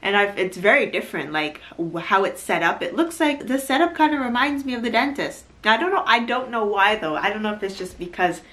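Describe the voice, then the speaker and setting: A woman chatting casually as she recaps a reality show, full of "like" and quick to laugh. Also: mid-range voice, lively intonation, a bit bright. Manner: chatty, lots of "like", laughs easily.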